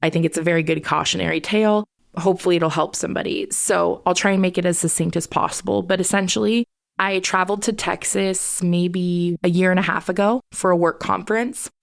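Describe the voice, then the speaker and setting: A woman hosting a podcast tells a personal story in a candid, chatty way and swears freely. Her voice sits fairly low with a gravelly, fry-heavy texture. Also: steady tone, brisk. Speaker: podcast host. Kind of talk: casual storytelling.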